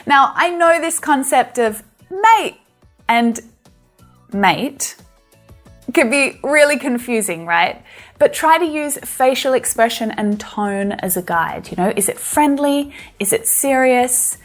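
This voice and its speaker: An Australian woman with a slightly high voice gives a friendly, explanatory English lesson in her own Australian accent. Faint music plays softly behind her. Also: expressive, unhurried. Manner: friendly, explanatory, laughs now and then. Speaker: English teacher.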